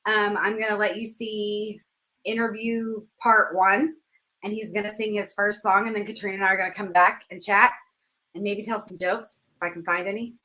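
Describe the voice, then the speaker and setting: A woman's voice: mid-range voice, flat delivery, normal speed, sharp tone. A woman hosting a show, telling a story in casual chat and laughing at herself as she goes. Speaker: podcast host.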